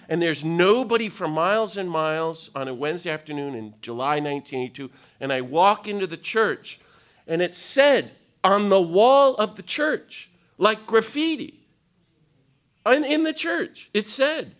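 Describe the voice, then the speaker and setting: Man in his fifties, speaker at a retreat, slightly high voice, lively self-mocking storyteller. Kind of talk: storytelling talk to an audience. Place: meeting room with live audience.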